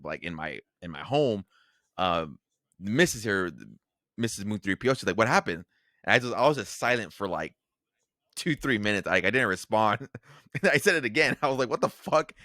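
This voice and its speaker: A man's voice: lowish voice, sharp tone, dry recording, clean studio sound. A man co-hosting a casual podcast, rambling with plenty of fillers, restarts and swearing. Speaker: podcast co-host.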